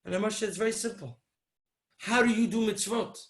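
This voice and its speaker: A man giving a Torah talk as a sermon, telling a story and acting out its dialogue, swinging between loud and soft. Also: high-pitched, fairly quick.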